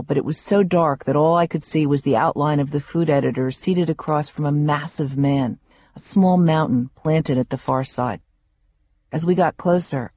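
A woman reading her own memoir aloud, wry and vivid in her storytelling. Her voice is warm and mellow, recorded close and dry with no room sound. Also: deep voice, no echo.

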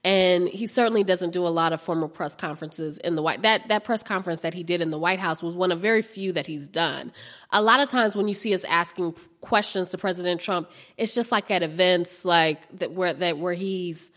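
A woman's voice: fairly low pitch, fairly quick, a bit bright. A woman White House reporter answering interview questions in a chatty way, with many restarts and fillers.

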